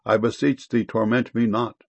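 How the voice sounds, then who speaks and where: A man's voice: lowish voice, flat delivery, moderate pace, vocal fry, breathy edge, no room sound. A man voicing a pleading possessed man. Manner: pleading, archaic speech. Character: tormented man possessed by a spirit.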